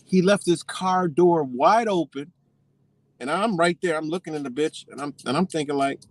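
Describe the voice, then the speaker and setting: A man's voice: on the high side, normal speed, dry recording. Profane man telling a story. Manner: profane, animated, swearing freely. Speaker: vlogger. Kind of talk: casual storytelling.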